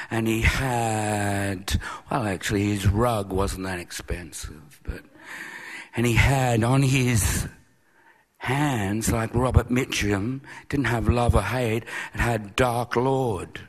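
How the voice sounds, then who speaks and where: An older man telling a rambling, absurd comic anecdote to an audience, slipping into high excited voices for quoted people. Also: slow. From Australia. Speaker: guest storyteller at a writers' event. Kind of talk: comic anecdote, live talk.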